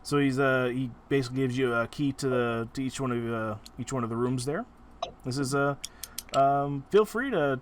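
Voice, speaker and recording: A man's voice: mid-range voice, slight background noise, natural voice. A man voicing a chatty male innkeeper who rambles with many fillers.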